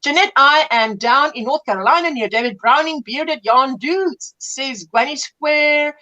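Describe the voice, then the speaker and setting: A woman's voice: high-pitched, unhurried, sharp tone, dull audio. A woman in her fifties hosting a crochet livestream from home, chatting casually, greeting viewers and laughing often as she tells stories. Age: 50s. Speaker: livestream host. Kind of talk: casual chat reading viewer comments.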